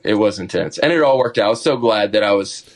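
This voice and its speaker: A middle-aged man, a podcast guest, telling a wild story in a casual, animated way and acting out what people said. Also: lowish voice, fast. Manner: animated storyteller, acts out his own quotes.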